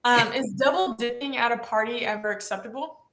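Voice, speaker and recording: Playful woman host, lightning round questions, fairly high voice, echoey room, video call. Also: a little fast, fairly bright tone. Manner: playful, teasing. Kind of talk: casual video-call chat.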